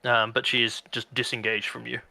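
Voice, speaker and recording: A man's voice: mid-range voice, level tone, fairly quick, gravelly, sharp tone. A man narrating a tabletop game as game master, casual and laughing, swearing freely.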